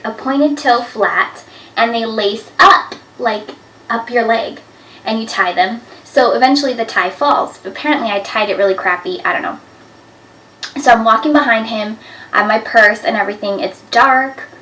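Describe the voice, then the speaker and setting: A woman in her twenties telling embarrassing stories to camera in a chatty, animated way, with lots of "like" fillers. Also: on the high side, slight background noise. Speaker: vlogger. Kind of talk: casual storytelling to camera. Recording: echoey room, a bit far from the mic.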